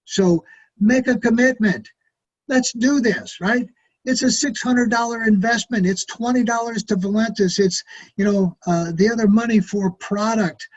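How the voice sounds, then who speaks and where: A man's voice: high voice, measured pace, highs cut off. A middle-aged man leading a direct sales training, folksy and urging, who acts out sample phone calls to friends.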